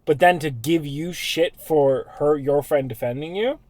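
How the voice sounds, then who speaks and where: Male podcast co-host; blunt, emphatic, casual, a bit high-pitched. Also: a little slow, a little mellow, no room sound. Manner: emphatic, swears freely. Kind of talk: casual chat.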